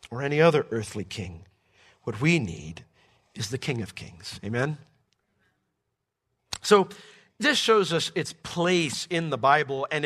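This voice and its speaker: A middle-aged man teaching through a Bible book as pastor, swinging from soft asides to emphatic points. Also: medium pitch.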